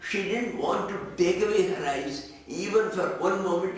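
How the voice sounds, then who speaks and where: Heard from far off in an echoey hall with faint noise, this swami speaks Indian-accented English in a high-sitting voice at a measured pace. His scripture discourse moves from chanted Sanskrit verses to conversational, teasing explanations in English.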